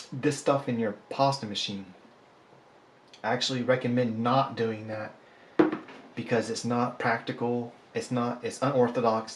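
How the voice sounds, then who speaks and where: A man's voice: medium pitch, slight background noise. A man, a polymer clay artist chatting casually and joking about himself while he sculpts. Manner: rambling, joking, self-deprecating. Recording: echoey room, faint ambience.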